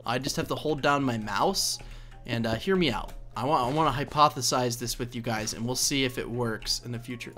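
A man's voice: medium pitch, brisk, bright, forceful tone, soft background music. Chatty young man narrating a game. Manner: chatty, rambling, laughs at himself, coaxes in-game characters. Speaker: let's play host. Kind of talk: casual gameplay commentary.

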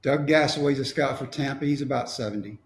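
Gravelly middle-aged man, wry storyteller, echoey room. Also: mid-range voice, fast. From Texas. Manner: wry, storytelling with quoted dialogue. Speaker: motivational speaker. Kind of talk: storytelling talk.

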